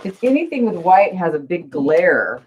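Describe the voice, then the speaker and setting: A low-voiced woman chats her way through a crafting livestream, her pitch bouncing lively up and down. She is flustered and pokes fun at herself as she talks to viewers. The audio is dull and lo-fi. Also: normal speed, a little hiss or hum. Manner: flustered, chatty, self-deprecating, talks to viewers. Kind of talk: casual livestream chat while crafting.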